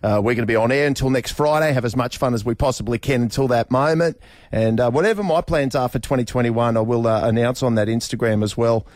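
A middle-aged Australian man chats on air as a radio host, rambling and restarting his sentences with plenty of fillers. His voice sits at an ordinary pitch, and the studio sound is dry and close. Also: quick pace, darkish tone, no room sound. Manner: rambling and chatty, with many fillers and restarts, often laughing. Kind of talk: casual radio chat. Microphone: studio microphone.

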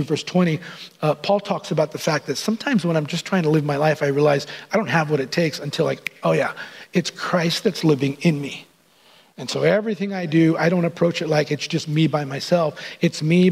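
A man's voice: fairly high pitch, creaky, breathy edge. A man preaching a sermon in an earnest, conversational way, acting out quotes as he goes. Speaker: pastor.

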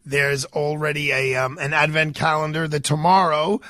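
Rambling New York radio host, man, congested with a cold, raised pitch, dry studio sound. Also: level tone, moderate pace, pushed and bright, dry recording. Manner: rambling, stammering, many fillers. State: stuffed up with a cold. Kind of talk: casual radio talk.

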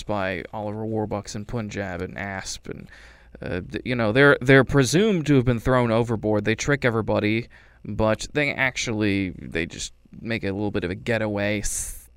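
A man giving a casual, rambling film review with a wry tone, dropping into quick character voices. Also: medium pitch, fairly bright tone, clear, resonant tone, dry recording.

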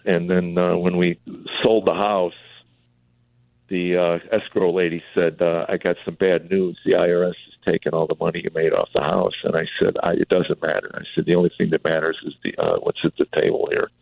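Gravelly deep-voiced man telling a story. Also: brisk, no echo. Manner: animated storyteller acting out quoted voices. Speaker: comedian and author guest. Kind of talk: talk radio interview, storytelling. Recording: tinny phone line.

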